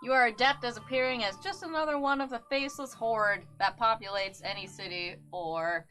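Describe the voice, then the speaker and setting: A woman's voice: fairly high pitch, a little fast, a bit bright. A woman player in a tabletop game reading out an ability.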